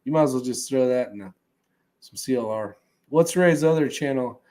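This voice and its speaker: A man hosting a casual livestream, reading chat comments aloud in a relaxed, rambling way that often trails off. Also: medium pitch, normal speed.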